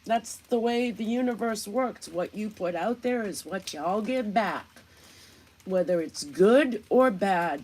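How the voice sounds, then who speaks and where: Self-pitying Southern woman, as a woman parodies her, slow drawl, melodramatic, unhurried. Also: mid-range voice, a little mellow. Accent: put-on Southern US. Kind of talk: parody impression in casual commentary.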